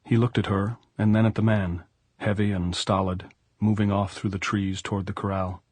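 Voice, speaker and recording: A man narrating an audiobook in an even, measured reading. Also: on the low side, slightly rough, no room sound. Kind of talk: scripted narration.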